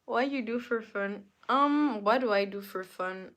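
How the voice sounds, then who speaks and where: Slow-talking, chatty woman livestreamer. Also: medium pitch, fairly bright tone. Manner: chatty, playful, laughs often, pleads for likes. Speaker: livestream host. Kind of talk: casual live-stream chat reading comments.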